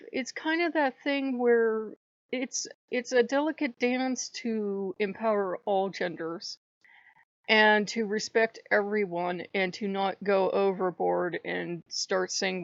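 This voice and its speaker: Gravelly woman ranting on her channel. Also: mid-range voice, normal speed, no room sound, muffled recording. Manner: heated and profane, with sudden loud outbursts. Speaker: channel host. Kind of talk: ranting vlog monologue.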